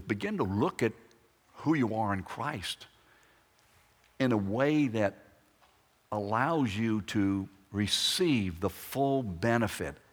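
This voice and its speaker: A man preaches a sermon, pressing his points with emphatic repetition and rhetorical questions. His voice is low and husky, and his delivery is slow and deliberate. The sound carries a long hall reverb.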